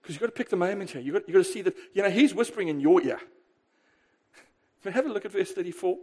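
High-voiced male preacher, emphatic. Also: fast talker, husky. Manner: emphatic, with rhetorical questions to the congregation; lively, alternating loud bursts and quiet asides. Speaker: pastor. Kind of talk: sermon.

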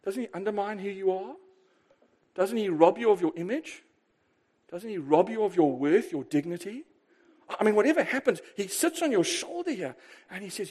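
A male pastor delivers a lively, emphatic sermon full of rhetorical questions, jumping from loud outbursts to quiet asides. His voice is high and fairly quick, with a breathy edge.

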